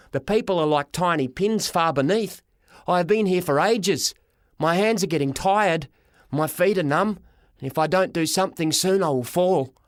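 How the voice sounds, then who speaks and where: A man narrating a children's story as a boy, with a lively, dramatic reading. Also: high-pitched, no echo, studio quality. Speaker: audiobook reader. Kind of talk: storybook narration in a boy's first person.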